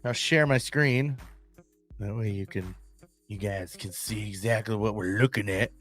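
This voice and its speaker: A man hosting a casual solo podcast, rambling and excitable, with crude military-maintainer humor. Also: fairly low pitch, a little slow, soft background music. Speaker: podcast host.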